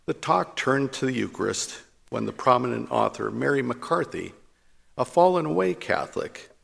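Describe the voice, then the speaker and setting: Male priest, gravelly husky voice, measured emphatic sermon, long reverberant hall. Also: mid-range voice, a bit bright.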